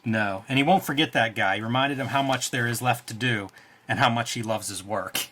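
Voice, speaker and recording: A man's voice: mid-range voice, expressive, measured pace, a bit bright, slight background noise. A man co-hosting a casual chat about comics, joking and laughing often as he pages through an issue. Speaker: cartoonist co-host.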